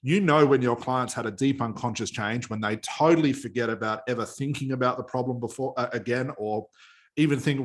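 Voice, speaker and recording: A man hosting a relaxed interview, a hypnosis trainer who keeps his guest talking. He chimes in with frequent quick agreement and adds brief explanations of his own. His voice is of ordinary middle pitch. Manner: encouraging interviewer, frequent short affirmations. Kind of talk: casual interview.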